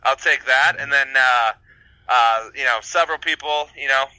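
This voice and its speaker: Bright-voiced man, chatty podcast co-host. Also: mid-range voice, moderate pace, smooth, no room sound, rough recording. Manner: laughs often, hesitant with many fillers. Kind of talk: casual chat.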